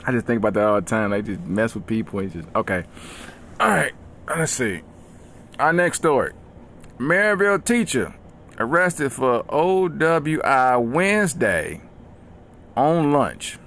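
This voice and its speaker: A man's voice: mid-range voice, a little slow, pauses often, a little hiss or hum. Slangy ranting man, comic podcast host. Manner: animated, slangy, mock-aggressive. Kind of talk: comedic storytelling rant.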